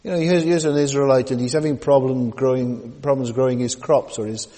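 A man preaching a sermon, halting with many fillers and repeated words, with folksy asides. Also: medium pitch, steady tone, mellow. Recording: long hall reverb.

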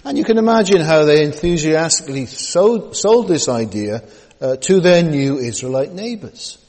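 A man preaching a sermon, halting with many fillers and repeated words, with folksy asides. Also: a little high, animated, a little mellow. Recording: long hall reverb.

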